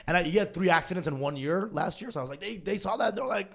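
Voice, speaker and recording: A young man co-hosting a comedy podcast, telling a family story in an animated way, acting out the people he quotes and laughing often. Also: a little high, a little fast. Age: young adult. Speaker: podcast co-host.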